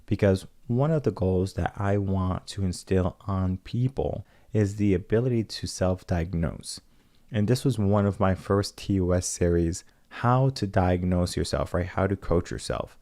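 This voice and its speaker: Deep, mellow-voiced male coach. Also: a little slow, dry recording, studio quality. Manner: conversational, often adds "right?". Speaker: podcast host and coach. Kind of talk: solo podcast monologue.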